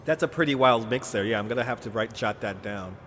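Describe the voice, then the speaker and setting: A man's voice: medium pitch, fast talker, a bit bright, slight background noise. A man streaming a driving game in casual chat, joking and laughing often as he talks to viewers. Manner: joking, laughs often, self-mocking asides. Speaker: live streamer.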